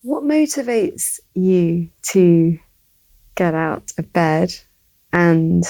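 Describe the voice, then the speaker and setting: A woman hosting a podcast interview, asking gentle, earnest questions. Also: lowish voice, expressive, extremely slow. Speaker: podcast host.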